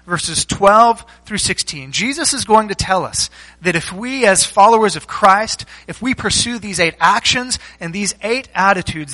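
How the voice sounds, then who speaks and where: A man preaching a structured sermon as pastor, teaching point by point with rhetorical questions and deliberate pauses. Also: high-pitched, sharp tone, poor audio.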